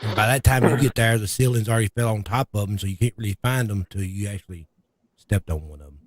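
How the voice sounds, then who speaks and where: A man's voice: fairly low pitch, fast talker, no room sound. A man from Tennessee, an emergency responder chatting casually and tacking "man" onto his sentences. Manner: drawling, repeats "man", loose grammar. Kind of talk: casual chat.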